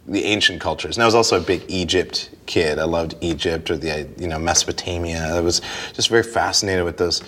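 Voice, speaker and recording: A man with a very deep, low voice chats loosely in an interview, looping back over his words. He laughs easily and keeps restarting his thoughts as they come to him. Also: brisk, a bit bright. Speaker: guest, stage performer. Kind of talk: casual interview conversation.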